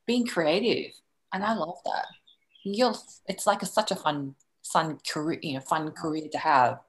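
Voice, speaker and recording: Aussie woman host, lower voice, gushy and rambly, on a video call. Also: moderate pace, low-quality recording. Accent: Australian. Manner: effusive, rambling, repeats filler phrases. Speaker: workshop host. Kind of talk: hosting a live online workshop.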